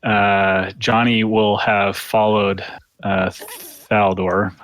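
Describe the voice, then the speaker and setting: Low-voiced man playing a tabletop game. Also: flat delivery, very slow, a bit bright. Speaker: player. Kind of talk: casual tabletop game talk.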